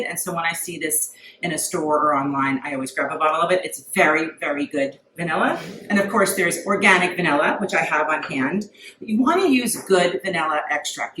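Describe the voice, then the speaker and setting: Lowish voiced middle aged woman chatting thru a recipe, kinda far from the mic, dishes clattering behind. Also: fairly bright tone, roomy sound, slight background noise. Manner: chatty, folksy, says okay often. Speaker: home cooking vlogger. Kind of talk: casual cooking demonstration. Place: home kitchen.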